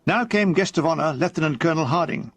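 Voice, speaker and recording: A man with a notably high speaking voice narrates his own comic memoir, keeping his delivery dry and deadpan. He slips briefly into put-on voices for quoted characters. The recording is close and dead, with no room sound around him. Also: fast talker, breathy edge, no room sound.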